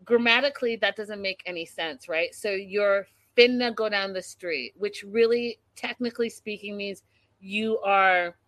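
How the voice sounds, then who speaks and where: A woman's voice: medium pitch, measured pace, a bit bright, no room sound. Dry-voiced Canadian woman, teasing. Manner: teasing, questioning, precise. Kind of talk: casual chat.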